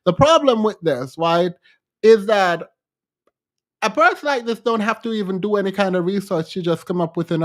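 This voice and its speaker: A woman from Jamaica with a Jamaican accent, hosting a reaction commentary and pointedly picking apart a played clip. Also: fairly low pitch. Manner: blunt and pointed, quick to laugh. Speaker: commentary host.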